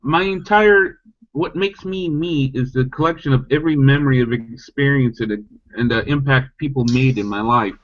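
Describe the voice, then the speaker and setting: A man talks casually on a podcast call, animated and often mocking the other side. His voice sits in a middle pitch range. The audio is somewhat dull and lo-fi. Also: moderate pace. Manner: animated, mocks opponents in high squeaky voices. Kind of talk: casual chat.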